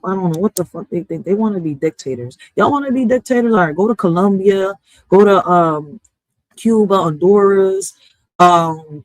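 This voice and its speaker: A woman streamer rants to her chat in loose, profane slang. Her delivery is animated and direct. The recording is dry and close, with no room sound. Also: fairly low pitch, no room sound, rough recording. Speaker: streamer and poet. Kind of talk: casual live-stream rant.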